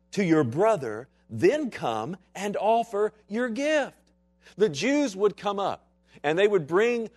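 Male pastor, sermon, somewhat high voice, shifts between soft asides and loud emphatic lines. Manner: dynamic preaching, swinging from quiet low asides to loud, slow emphatic lines.

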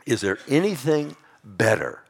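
A man preaching a sermon, swinging between hushed, drawn-out lines and loud ones, often calling out "amen" and "loved one" to his listeners. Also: medium pitch, sing-song, vocal fry, breathy edge. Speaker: pastor.

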